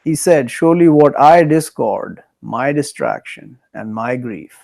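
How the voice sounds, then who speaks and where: Gravel-voiced man, scripture reader who paraphrases loosely, dry close sound. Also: mid-range voice, expressive, a little slow, warm tone, no room sound. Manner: reads literal verse, then paraphrases casually with frequent chuckles. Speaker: scripture commentator. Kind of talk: reading and explaining scripture.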